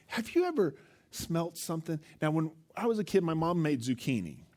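Lively, high-voiced male preacher. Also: moderate pace. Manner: animated storytelling, acts out quotes, asks the listeners questions. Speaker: pastor. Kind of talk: sermon.

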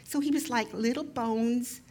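A woman's voice: a little high, measured pace, darkish tone, a little hiss or hum. A woman in her sixties sharing a personal story as a guest in a church service, talking with many ums and restarts. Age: 60s. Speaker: guest speaker, pastor's mother.

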